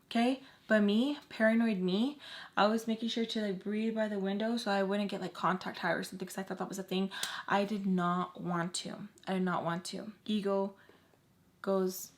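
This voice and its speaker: A young woman tells a personal story straight to camera in a casual vlog. She talks in slang, keeps a mid-pitched voice and acts out the lines of the people in her story. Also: normal speed. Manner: animated, slangy, acts out quotes of others.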